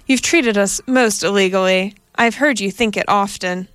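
A woman's voice: mid-range voice, normal speed, smooth, no room sound, close to an everyday voice. Smug polite android man, read by a woman. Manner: calm, polite, reasoning tone. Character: polite, smug eight-foot male android.

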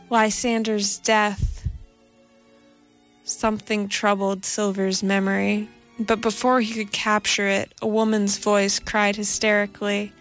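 A woman narrating a story aloud in a measured, deliberate way. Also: mid-range voice. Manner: slow, measured, deliberate reading. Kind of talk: audiobook narration. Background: soft music.

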